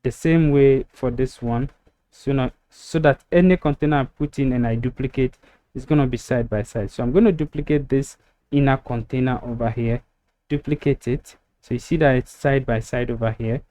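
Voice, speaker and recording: Mellow-voiced man talking through a tutorial. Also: mid-range voice, fairly even intonation, moderate pace. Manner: step-by-step, filler-heavy with frequent ums. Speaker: web design tutor. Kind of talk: screen-recorded software tutorial. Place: voice-over to a screen recording.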